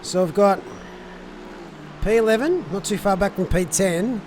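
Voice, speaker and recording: A man's voice: high-pitched, unhurried, darkish tone, a little hiss or hum. A man giving casual live sim racing commentary, chatting to viewers and answering their messages.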